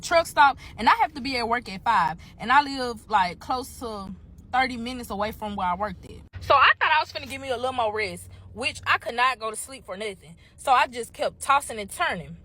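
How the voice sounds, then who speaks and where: Bright-voiced young woman telling a story. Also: on the high side, brisk. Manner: profane, animated, talks straight to viewers. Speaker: storytime vlogger. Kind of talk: casual storytime narration.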